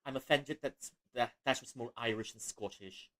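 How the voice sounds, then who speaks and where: A man's voice: medium pitch, moderate pace, a bit bright. A man from Malaysia, joking and laughing as he streams a game. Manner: jokey, laughs often. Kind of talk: casual livestream commentary.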